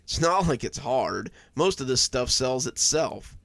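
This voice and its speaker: A man's voice: medium pitch, lively intonation, a little slow, creaky, fairly bright tone, dry recording. A man voicing a casual young woman working as a shop clerk in a storybook reading. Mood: offhand.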